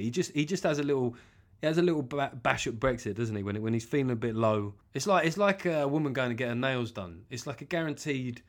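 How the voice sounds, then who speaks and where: A male comedian riffing through a podcast monologue at a mid-range pitch. He swears freely and jumps into self-mocking asides. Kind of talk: comic monologue.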